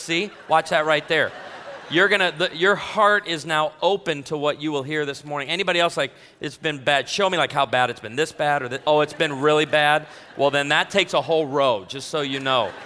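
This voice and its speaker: A man delivers a sermon as pastor in a church sanctuary, addressing the congregation straight on with jokes and self-deprecating, conversational remarks. His voice is slightly high and sharp, and it sounds like it's in a large hall.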